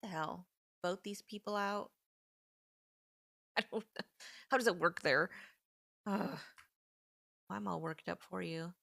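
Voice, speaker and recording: A woman in her thirties talks on a casual live stream in a lower, gravelly voice with a lot of fry. Her delivery is animated and indignant, full of "like"s, and her pitch swings widely. The sound is close and dry, with almost no room echo. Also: takes it slowly, long pauses. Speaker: livestream host.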